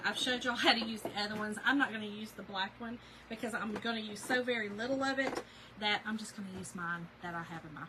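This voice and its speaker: A woman's voice: mid-range voice, bright, forceful tone, a little hiss or hum, rough recording. A woman, chatting and laughing as she tells a story to her viewers while working on a craft project. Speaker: craft video host.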